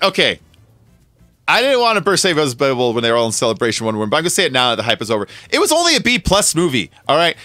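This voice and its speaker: A man's voice: a little high, sharp tone, dry recording. A man hosting a game stream, chatting casually and joking, rambling and swearing freely. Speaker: streamer and host.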